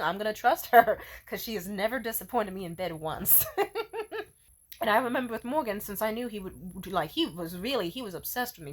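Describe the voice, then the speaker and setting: A young woman in a casual, profane monologue, candid and laughing often, acting out quoted lines. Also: mid-range voice. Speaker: vlogger.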